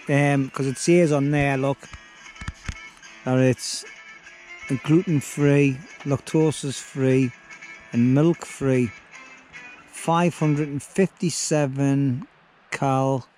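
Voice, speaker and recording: At an outdoor beach camp at night, a middle-aged bushcraft vlogger chats casually to his handheld camera, rambling and poking fun at himself. He has a medium-pitched, dark-toned voice, and music plays in the background of this low-quality recording.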